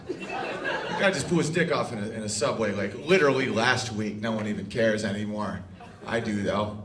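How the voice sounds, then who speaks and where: A man's voice: lowish voice, lively intonation, moderate pace, pauses often, a crowd in the background. A middle-aged man doing a crude, brash stand-up comedy set on a club stage, acting out quoted exchanges as the audience laughs. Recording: roomy live club sound from a distance.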